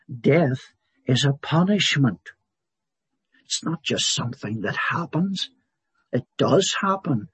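A man preaching a sermon in a slow, emphatic way, repeating phrases for stress. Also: fairly low pitch, a bit bright, breathy edge, dry recording.

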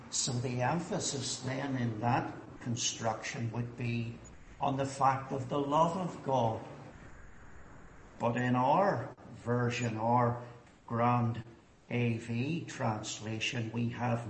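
A man preaching slowly and deliberately, weighing each phrase and then pressing hard on the key words. His voice is mid-pitched and rings through a reverberant room over faint background noise. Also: fairly even intonation. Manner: measured, deliberate, rising emphatically on key points. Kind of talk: expository sermon. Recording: echoey room with faint ambience.

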